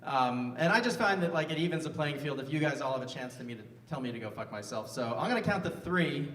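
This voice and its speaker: A man's voice: mid-range voice, animated, fast talker, a bit bright. A man in his fifties doing a live stand-up set on a stage mic, self-mocking and bantering with the crowd. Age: 50s. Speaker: stand-up comedian. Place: large live music venue on stage. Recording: roomy venue sound from a distance.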